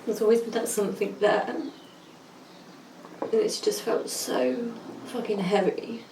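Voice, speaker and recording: A woman's voice: medium pitch, measured pace. A woman, a client, chatting casually over a video call and speaking hesitantly as she searches for her words. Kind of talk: casual chat. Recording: distant, echoey, noisy call.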